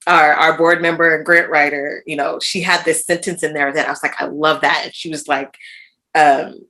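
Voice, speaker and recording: A woman podcast host with a fairly low voice, chatting casually and effusively. She laughs often and responds with lots of enthusiasm. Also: little pitch movement, moderate pace, bright, forceful tone. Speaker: podcast host, nonprofit founder. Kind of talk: casual conversational interview.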